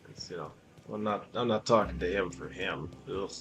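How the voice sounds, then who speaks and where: A man's voice: sits low, normal speed, a bit bright. A man giving offhand, mumbled let's play commentary while he plays. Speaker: gamer. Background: game music.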